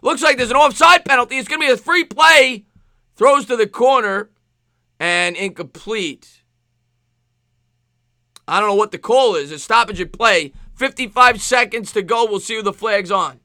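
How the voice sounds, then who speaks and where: A man with a New York accent streaming live play-by-play football commentary, excitable, with rhyming calls and thanks to chat viewers. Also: sits high, normal speed, dry recording, studio quality. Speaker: sports streamer.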